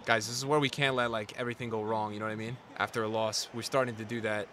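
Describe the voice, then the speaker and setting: A man streaming a football video game, talking to his chat in slangy, repetitive commentary that jumps from shouting at the referee to low muttering. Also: little pitch movement, fast, background noise. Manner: swings between shouted outbursts and low muttering; slangy, repeats himself. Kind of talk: live gameplay commentary.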